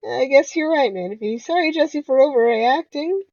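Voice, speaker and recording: A woman voicing a sweet, polite young female scientist from a video game, reading her lines in a gentle, apologetic way. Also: high-pitched, moderate pace, no room sound, highs cut off.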